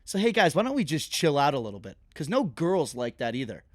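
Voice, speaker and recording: Lively young man telling stories. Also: fairly high pitch, a little fast, no room sound, studio quality. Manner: animated storytelling, laughs often. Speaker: podcast co-host. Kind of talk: casual chat.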